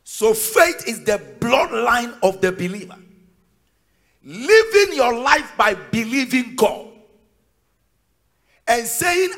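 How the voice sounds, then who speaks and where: A man preaching a sermon as pastor, emphatic and sing-song, rising to shouted peaks. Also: very high voice, very animated, slow pace, creaky, long pauses. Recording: long reverb of a large hall.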